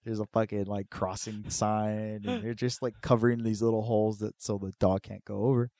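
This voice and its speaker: A young man telling a story in casual chat, swearing a lot and acting out quotes with big jumps in pitch. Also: level tone, normal speed, warm tone, no room sound.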